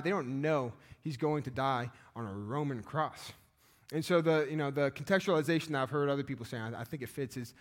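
A man's voice: a little high, fairly bright tone. A male pastor, preaching a sermon in a conversational way, with fillers and restarts. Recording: long reverb of a church hall.

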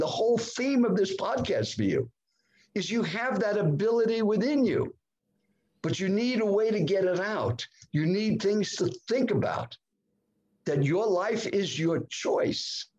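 A man in his seventies, a guest in a podcast interview, telling a personal story with dramatic swings in pitch. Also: dull audio. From United States. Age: 70s. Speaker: guest speaker.

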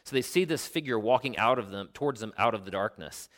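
A man preaching a sermon, telling stories with animation, explaining the original Greek, and dropping to a quiet, slow voice for emphasis. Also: lowish voice, lively intonation. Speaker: pastor.

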